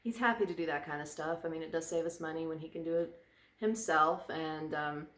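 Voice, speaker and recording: A woman's voice: low-pitched, fairly quick, a bit bright, reverberant. A woman vlogger chatting casually, rambling and drifting onto tangents. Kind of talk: casual chat. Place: indoor room by a fireplace.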